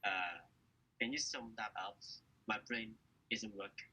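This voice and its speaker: Male player, husky voice, low pitch, distant quiet mic. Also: fairly even intonation, a little slow. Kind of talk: casual tabletop play.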